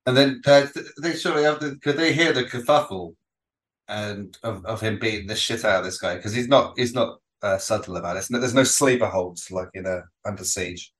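A man's voice: fairly low pitch, fairly quick. A man co-hosting a casual film podcast, rambling and restarting his sentences, often laughing along. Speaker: podcast co-host.

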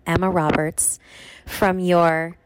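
A woman's voice: fairly low pitch, level tone, slow, smooth, no echo. A woman recording an affectionate, gushing video message with a question for a friend. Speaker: guest sending a recorded question.

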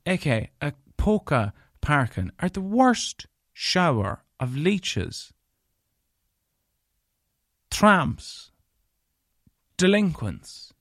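A man's voice: fairly high pitch, no echo, studio quality. Angry, profane Irish man telling a story. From Ireland. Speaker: podcast host. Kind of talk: solo storytelling rant.

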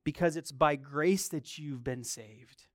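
A middle-aged man, a pastor, preaching a sermon in an animated, emphatic way, mixing chatty restarts with rising bursts of force. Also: a little high, takes it slowly, no echo, studio quality.

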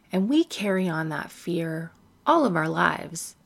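A woman's voice: mid-range voice, expressive, measured pace, vocal fry. A woman stand-up comedian talking candidly and bluntly, swearing freely and mocking men in exaggerated put-on voices.

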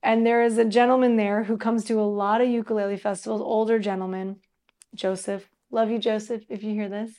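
A woman musician as an interview guest, chatting casually and telling stories in an animated way, laughing often and using many fillers. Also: medium pitch, a little fast.

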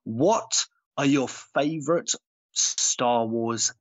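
A man's voice: mid-range voice, extremely slow, no echo. A man co-hosting a fan podcast in easy, chatty talk, full of "like" and "you know" and plainly enthusiastic. His voice sits mid-range, recorded dry with a slightly dull, muffled tone. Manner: enthusiastic, chatty, lots of fillers. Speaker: podcast co-host. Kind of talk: casual chat.

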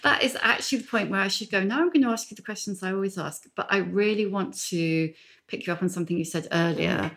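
A woman's voice: medium pitch, fast, a bit bright. A woman hosting a podcast interview, encouraging her guest with short affirmations and follow-up questions. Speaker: podcast host.

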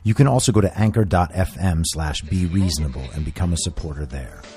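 A man's voice: deep voice, fairly quick, a little mellow, faint music behind. A man hosting a political commentary podcast, talking in a blunt, emphatic and opinionated way into a close microphone. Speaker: podcast host.

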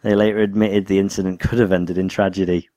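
A podcast co-host chats casually and tells stories in a wry manner, prone to laughing. His voice is low-pitched and warm with a level tone, moving fast with no echo.

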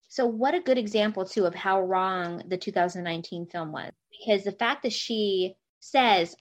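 A woman guest in a casual book discussion, animated and acting out quotes as she talks. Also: medium pitch, moderate pace, few pauses. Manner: animated, reads passages and acts out quotes. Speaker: podcast guest.

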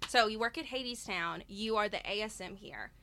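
A woman's voice: medium pitch, fairly quick, bright, forceful tone. A young woman from the American South co-hosting a podcast in casual chat, laughing often and restarting her sentences. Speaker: podcast co-host.

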